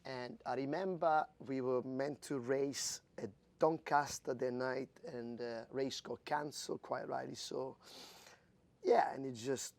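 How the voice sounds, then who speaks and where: A man in his fifties from Italy, a jockey telling stories in an interview, animated and laughing, acting out quoted voices. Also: mid-range voice, a little slow, creaky. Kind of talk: storytelling in an interview.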